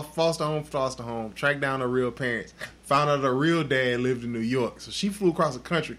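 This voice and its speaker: A man's voice: mid-range voice, a bit bright. A man hosting a podcast, telling a story in crude, profane, casual chat. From Texas. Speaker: podcast host.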